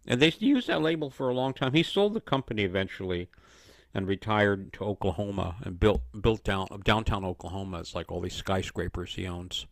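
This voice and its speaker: An older man telling rambling, animated anecdotes to a friend over a video call, full of "you know". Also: sits low, a little fast, gravelly, no room sound. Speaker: mentor. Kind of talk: casual storytelling chat.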